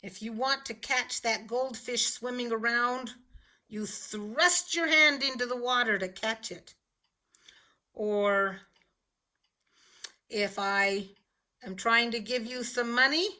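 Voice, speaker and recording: A woman teaching a children's phonics lesson, explaining words slowly and patiently with clear enunciation. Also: on the high side, bright, forceful tone.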